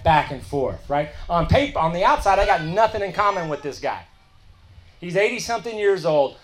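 A man with a slightly raised voice shares his recovery story with a meeting. He talks in a candid, emphatic, everyday way, throwing in asides as he goes. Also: on the high side. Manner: candid, conversational, colloquial and emphatic.

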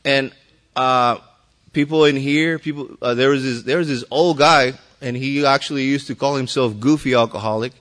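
A man's voice: mid-range voice, steady tone, moderate pace, fairly bright tone. A man speaking at a recovery meeting, telling his own story to the group in a loose, rambling way with many fillers and restarts and some mild swearing.

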